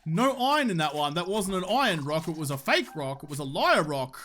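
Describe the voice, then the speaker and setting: Young Australian man, high bright voice, casual sweary let's-play banter. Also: very animated, a little fast, slight background noise. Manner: joking, swears freely, talks to the game. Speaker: gaming YouTuber.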